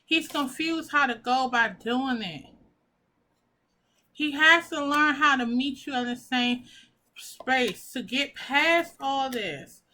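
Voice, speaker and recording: A woman's voice: high voice, slow, pushed and bright. A woman giving a pick-a-pile tarot reading, talking casually and emotionally, gushing and swearing as she reads the cards. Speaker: tarot reader.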